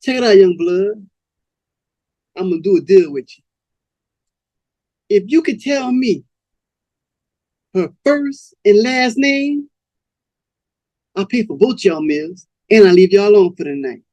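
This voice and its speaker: A man voicing a smooth, cold-hearted male pimp who talks in a slow, cool, menacing drawl. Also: sits high, very animated, darkish tone, no room sound, highs cut off, voice pushed up.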